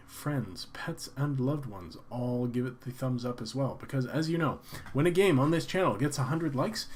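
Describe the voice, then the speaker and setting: A man's voice: mid-range voice, darkish tone, slight background noise. A man hosting a gaming channel, reading the game's text aloud with playful, amused asides.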